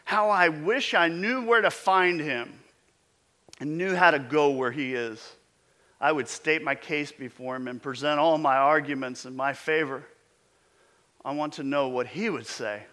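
A middle-aged male pastor delivers a sermon at an unhurried pace. His voice sits a little high and sounds bright and forceful. He preaches emphatically, stumbling and restarting his phrases now and then.

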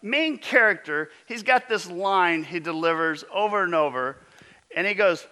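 A man preaching a sermon as pastor, emphatic, with his voice often dropping low and intense. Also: animated, normal speed, sharp tone.

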